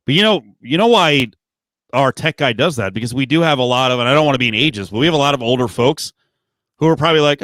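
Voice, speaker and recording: A man hosting a podcast, relaxed, reading out viewer comments in casual chat. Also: mid-range voice, fast talker, dry recording. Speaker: podcast host.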